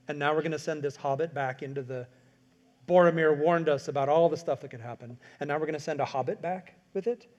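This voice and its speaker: A man giving a workshop talk on writing, animated, acting out quoted lines and asking his audience questions. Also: on the high side. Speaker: workshop speaker on screenwriting. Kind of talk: lecture to an audience.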